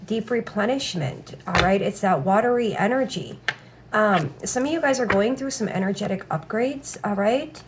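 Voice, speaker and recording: A woman's voice: mid-range voice, normal speed, background noise. A woman giving a casual tarot reading, blunt and profane, with a habit of saying "all right" again and again. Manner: blunt, swears freely, repeats "all right". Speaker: tarot reader.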